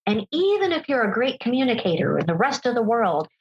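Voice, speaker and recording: A woman speaking as a podcast guest, telling a personal story in an earnest, emphatic way and slowing down on key phrases. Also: a little high, very animated, lo-fi sound, slight background noise.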